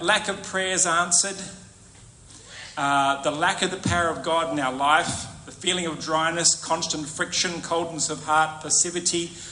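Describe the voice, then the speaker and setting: A man preaching a sermon in an animated way, often putting questions to his congregation. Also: fairly high pitch, roomy sound, slight background noise. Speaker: pastor.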